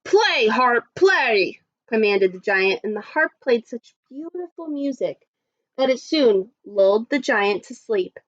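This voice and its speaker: Slow, expressive storytime teacher. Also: female voice, a little high, highs cut off. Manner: slow, expressive reading with asides to children. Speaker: primary school teacher. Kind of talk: storytime read-aloud.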